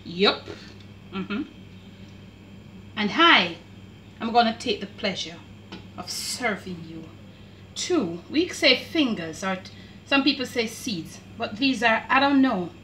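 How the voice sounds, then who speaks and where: A Jamaican woman hosting a home cooking vlog, chatting slowly with drawn-out, emphatic phrases, heard in her kitchen. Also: on the high side, animated, pushed and bright, echoey room, recorded from a distance, slight background noise, poor audio. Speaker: cooking channel host.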